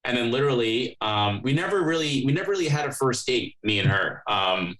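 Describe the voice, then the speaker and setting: A man's voice: mid-range voice, animated, fairly quick, a bit bright, low-quality recording. A young man hosting a podcast, chatting casually and telling rambling stories, swearing freely. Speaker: podcast host. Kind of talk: casual chat.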